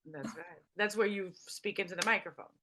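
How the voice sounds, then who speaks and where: A woman's voice: medium pitch, moderate pace, sharp tone. A woman hosting a casual chat, upbeat and affirming, laughing often as she talks. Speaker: host.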